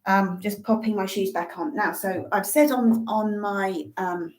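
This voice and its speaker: A woman's voice: mid-range voice, steady tone, unhurried, a little mellow, a little hiss or hum. A woman teaching a live tap dance lesson from a kitchen, a little out of breath, chatty with many ums and restarts. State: slightly out of breath. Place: kitchen of a small bungalow. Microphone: phone set on the floor. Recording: roomy sound from a distance.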